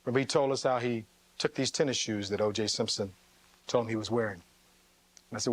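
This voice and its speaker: A man acting as defense attorney, delivering a courtroom closing argument, reading testimony aloud and putting rhetorical questions to the jury, with sharp leaps in pitch on stressed words. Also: fast, long pauses.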